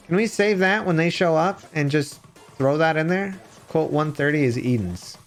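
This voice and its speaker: A man streaming live, chatting casually with his viewers and telling rambling, animated stories. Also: on the high side, normal speed, soft background music. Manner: rambling, animated storytelling with chat shout-outs.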